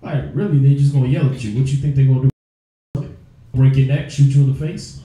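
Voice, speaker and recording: A man's voice: mid-range voice, fairly even intonation, brisk, dark tone. A man preaching in blunt, profane street talk, mocking the views he argues against. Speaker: teacher of a religious group. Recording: very echoey room.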